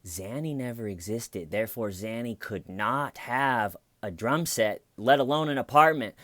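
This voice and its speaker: A man's voice: medium pitch, measured pace, hardly any pauses, fairly bright tone, no room sound. A man hosting a comedy channel, giving sarcastic true crime commentary with sighs and mocking asides. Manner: sarcastic, sighing, quoting people in mocking voices.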